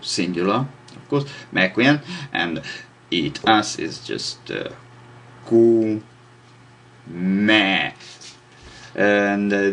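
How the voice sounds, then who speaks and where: Slow, halting man explaining at a board. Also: low voice, a bit bright, a little hiss or hum. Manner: hesitant, many fillers, self-deprecating asides. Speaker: language teacher. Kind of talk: informal explanatory lesson.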